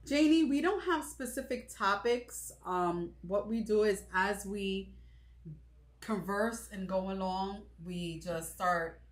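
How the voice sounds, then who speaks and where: A woman's voice: mid-range voice, takes it slowly. Chatty woman podcast co-host, roomy sound. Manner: chatty, repeats greetings to viewers. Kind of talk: casual livestream chat. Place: Kissimmee, Florida.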